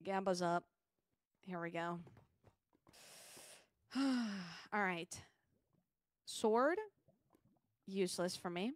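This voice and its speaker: A woman's voice: on the low side, very slow, pauses often, no echo. A young woman streaming a game, chatting casually and grumbling playfully about her loot. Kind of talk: casual gaming stream chat.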